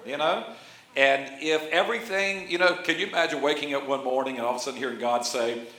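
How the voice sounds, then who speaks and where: A pastor in his sixties preaches a folksy, conversational sermon in a church sanctuary, cracking jokes and drawing frequent amens. His medium-pitched voice is bright and forceful, and he talks fast, with roomy church echo around him.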